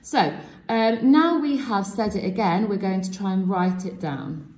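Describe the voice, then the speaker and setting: A woman's voice: medium pitch, unhurried, a little mellow. Encouraging woman teaching a French lesson. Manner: encouraging, explains step by step. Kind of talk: classroom demonstration.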